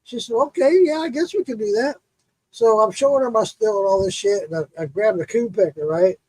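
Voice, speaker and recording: Husky high-voiced storyteller man. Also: big pitch swings, a little fast, darkish tone, no room sound, rough recording. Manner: profane, laughing storyteller, acts out quotes. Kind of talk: casual storytelling chat.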